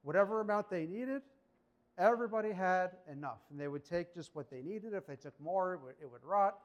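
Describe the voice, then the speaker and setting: High-voiced man preaching conversationally. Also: a little fast, dull audio. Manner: conversational, animated, rhetorical questions. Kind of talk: sermon.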